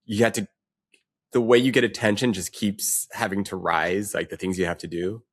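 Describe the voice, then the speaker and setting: A man's voice: lowish voice, fairly even intonation, normal speed. A man on a podcast, asking questions and reflecting in a casual tone.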